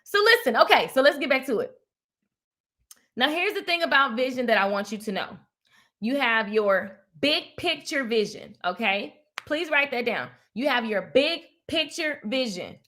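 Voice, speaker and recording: Bright, high-voiced woman preaching to viewers. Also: normal speed. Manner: animated, preachy, talks to viewers as "baby" and "honey". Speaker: host of a live motivational stream. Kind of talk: casual faith-based motivational talk.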